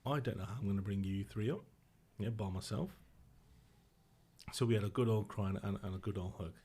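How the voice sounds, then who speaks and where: A middle-aged man speaks low and subdued. He tells a personal story haltingly and emotionally, breaking off and restarting his sentences. He is a guest on a podcast. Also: a little mellow, slightly rough.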